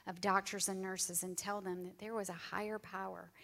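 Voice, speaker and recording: A woman's voice: mid-range voice, little pitch movement, moderate pace, vocal fry, a bit bright. A woman sharing her faith testimony with an audience, speaking earnestly and from the heart, sometimes dropping almost to a whisper. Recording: long hall reverb.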